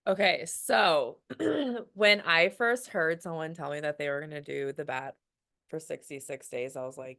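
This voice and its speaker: Young adult woman, low-pitched, frank and encouraging; a team-call speaker who quotes her own self-talk. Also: a little slow, fairly bright tone. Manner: candid, quotes her own inner voice, frequent "like" and "um".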